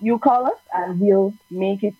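A woman's voice: medium pitch, unhurried, breathy edge, no room sound. A woman, a guest on a casual radio show, telling stories and laughing. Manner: laughing, relaxed storytelling. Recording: dull lo-fi sound.

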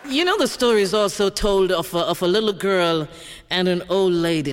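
A man telling a joke as an unhurried storyteller with small restarts. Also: high-pitched, smooth, big-room sound, a faint crowd.

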